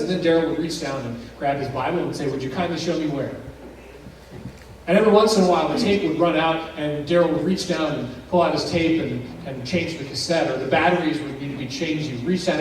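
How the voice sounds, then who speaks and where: A man's voice: on the high side, a little hiss or hum. A male pastor telling a story in a sermon, acting out the dialogue as the tension builds. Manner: dramatic storyteller, acts out dialogue with rising intensity. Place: church sanctuary. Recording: echoey church heard from a distance.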